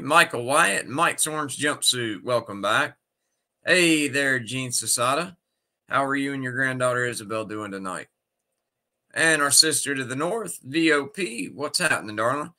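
A man's voice: mid-range voice, moderate pace, pushed and bright. A sick man hosting a casual livestream, greeting his viewers one by one by name. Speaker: livestream host.

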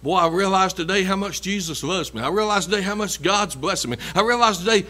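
Bright-voiced emphatic preacher. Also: male voice, high voice, quick pace. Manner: folksy, emphatic, repeats phrases. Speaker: pastor. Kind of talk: sermon. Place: church.

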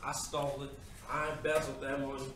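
Brief: student actor as a streetwise suspect talking back, brash slang; loud background hiss, roomy sound. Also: male voice, mid-range voice, flat delivery, a little fast, lightly acted. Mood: defiant. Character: cocky male suspect, defiant and brash. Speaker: student actor in a class skit. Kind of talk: amateur comedy skit acting. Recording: echoey room, distant mic, loud noise.

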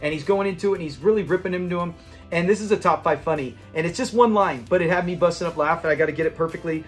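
A man with a notably high-pitched voice talks casually through an episode review. He rambles, laughs easily and slips into little acted-out quotes. Faint music plays underneath. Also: quick pace. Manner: chatty, rambling, often laughs, acts out scene quotes. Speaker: channel host reviewing a sitcom episode.

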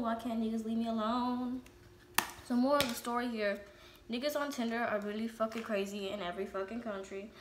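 A young woman vlogger telling a story while doing her makeup, blunt and animated, with lots of swearing. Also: mid-range voice, measured pace. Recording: echoey room with faint background noise.

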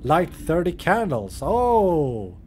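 Profane, jokey non-native English-speaking gamer. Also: male voice, a little high, wildly swooping pitch, slow, darkish tone. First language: not English. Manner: profane, jokey, talks to the game characters. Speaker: gaming channel host. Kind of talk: casual let's-play commentary.

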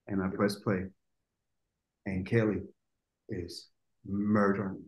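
A man, a music producer, telling animated stories in an interview, acting out quotes and swearing casually. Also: fairly low pitch, takes it slowly, roomy sound, low-quality recording. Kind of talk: anecdotal interview storytelling.

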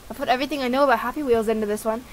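A woman giving casual gameplay commentary for her channel. She is excitable and breaks into yelps and shouts at the game, and her voice is high. Faint noise sits underneath. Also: rapid-fire, low-quality recording. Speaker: gaming channel host.

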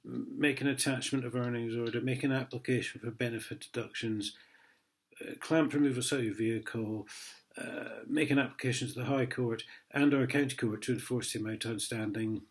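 A man's voice: medium pitch, fairly even intonation, normal speed. An Englishman in an angry vlog rant, swearing heavily and mocking a letter he reads aloud. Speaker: vlogger.

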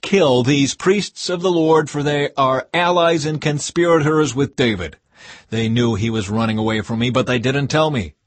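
A furious, suspicious king, as a male reader puts him on, firing off accusing questions at his officers. The voice is husky and recorded dry and close, with the rises of someone shouting at his men. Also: mid-range voice, a little fast, few pauses, no echo, lightly acted. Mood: commanding.

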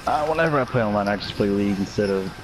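Young dude on voice chat, bouncy intonation, chill, faint hiss. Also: male voice, on the low side, lively intonation, racing. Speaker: teammate in voice chat. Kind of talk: casual voice chat while gaming.

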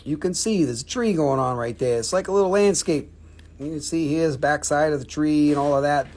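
A husky, slightly breathy voice at an ordinary middle pitch, belonging to a seller on a live sales stream. The talk is loose and jokey, swearing freely and rambling between prices. It is casual, unscripted patter. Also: a little fast, darkish tone.

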